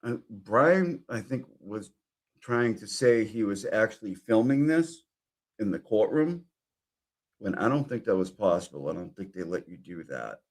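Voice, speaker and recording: A man's voice: lowish voice, very animated, a little slow. A man giving comedic reaction commentary, sarcastic and mock-pleading, with plenty of profanity.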